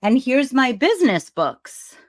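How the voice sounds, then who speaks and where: Speaking at a measured pace in a high-pitched voice, this middle-aged Brooklyn, New York woman gives a casual motivational talk to camera from a room at home as host of a self-help challenge series. She's chatty and animated, rambling with asides, and the audio is studio quality with no echo.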